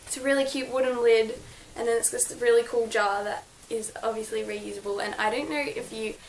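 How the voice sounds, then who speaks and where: A young woman gushes over her birthday presents in a casual bedroom haul vlog, chatting away with lots of fillers. She speaks a little fast in a higher voice with fairly even intonation, and the rough recording carries a little hiss or hum.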